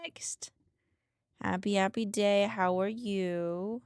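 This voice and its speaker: Young woman rambling on stream, lots of vocal fry, voice jumps all over, giggles and mutters to herself. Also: medium pitch, lively intonation, a little slow, dry recording, studio quality. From English-speaking. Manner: rambling, giggly, greets chat by name; mutters to herself while designing. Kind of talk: casual live-stream chat while working.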